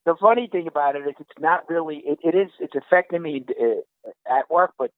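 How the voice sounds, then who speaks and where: A man telling an exasperated, animated story in casual chat, swearing and acting out what people said, heard over a phone line. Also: fairly high pitch, a little fast, dry recording.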